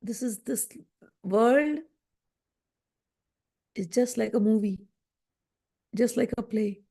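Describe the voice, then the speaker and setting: A woman's voice: a little high, slow pace, gravelly, mellow. A woman retelling a spiritual story in a conversational, explanatory way, full of rhetorical questions.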